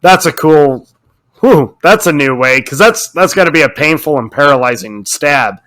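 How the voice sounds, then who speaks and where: Ranting, animated man on a podcast. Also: a little high, moderate pace. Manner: animated, ranting, swears freely. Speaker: podcast co-host. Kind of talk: casual podcast chat.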